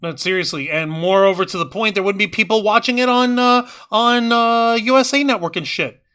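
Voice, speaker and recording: A man from New York co-hosting a casual wrestling review show, blunt and profane, throwing in quick jabs. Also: high-pitched, sharp tone, smooth. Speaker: podcast co-host.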